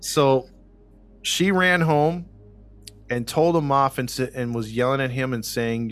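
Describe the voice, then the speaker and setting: A man's voice: mid-range voice, fairly even intonation, unhurried, a bit bright, smooth, faint music behind. Rambling male true-crime podcast host. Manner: rambling, lots of fillers, acts out quotes. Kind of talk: casual true-crime storytelling.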